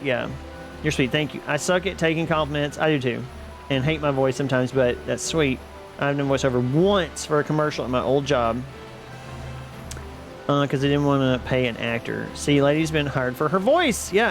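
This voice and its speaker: A man live-streaming a game, chatting casually with viewers in a rambling, self-deprecating way and laughing often. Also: on the high side. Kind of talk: casual live-stream chat while gaming. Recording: background music under the voice. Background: music playing.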